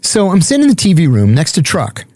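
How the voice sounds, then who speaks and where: A man's voice: fairly high pitch, huge pitch swings, fast, a little mellow, no room sound, clean studio sound. A man speaking as a guest, telling a story in a blunt, profane, matter-of-fact way. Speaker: podcast guest. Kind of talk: casual storytelling.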